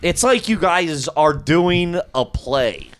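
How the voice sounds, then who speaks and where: Man, slightly high voice, animated profane storytelling, casual podcast banter. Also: slow pace. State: tipsy. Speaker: podcast guest.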